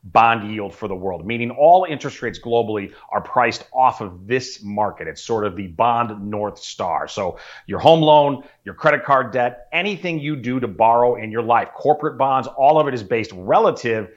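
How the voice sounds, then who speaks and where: A man's voice: medium pitch, normal speed, few pauses, lo-fi sound. A man giving an earnest, explanatory economic commentary, often addressing the host by name.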